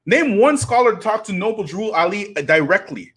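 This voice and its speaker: Guy ranting on a live stream, high voice, big swings in pitch, preachy. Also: big pitch swings, normal speed, fairly bright tone, breathy edge. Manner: rhetorical, preachy, challenging the audience. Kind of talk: impassioned live-stream commentary.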